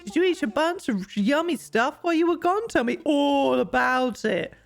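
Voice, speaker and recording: Girl doing a goofy excitable dog guy, squeaky and bouncy, yelling vroom noises. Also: moderate pace, gravelly. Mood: cheerful. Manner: excitable, gushing, shouting sound effects. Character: bubbly goofy male dog villager, easily excited.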